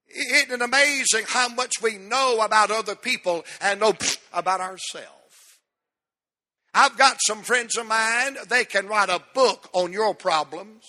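A middle-aged man preaching an emotional sermon as pastor in a church, with a drawn-out cadence that swells. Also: sits high, sharp tone. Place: church sanctuary. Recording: long hall reverb.

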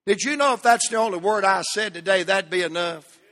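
High-voiced preacher in a reverberant church. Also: male voice, sharp tone. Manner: slow emphatic preaching, drawn-out words. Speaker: pastor. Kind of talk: sermon. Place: church sanctuary.

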